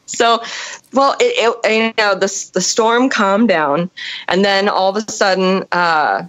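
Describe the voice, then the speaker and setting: A woman telling a story in casual chat, animated and profane, acting out the people in it. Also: medium pitch, takes it slowly, poor audio. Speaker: storyteller on a podcast.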